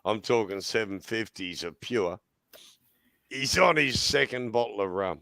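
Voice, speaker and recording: An Australian man telling a funny story in casual chat, laughing often and jumping into high voices for the people he quotes. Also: expressive, a little slow, vocal fry, a bit bright, no echo.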